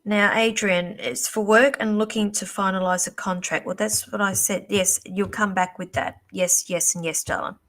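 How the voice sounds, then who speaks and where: A woman's voice: mid-range voice, fairly even intonation, normal speed, few pauses, fairly bright tone. Chatty psychic woman calling viewers darling. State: voice going hoarse. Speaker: psychic reader hosting a live stream. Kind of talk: live-stream psychic reading, reading out viewer questions. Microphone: computer or phone mic on a live stream.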